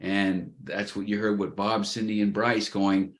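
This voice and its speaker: A man's voice: on the low side, level tone, unhurried, few pauses. Folksy, enthusiastic man in his fifties. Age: 50s. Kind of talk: casual chat. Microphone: video call.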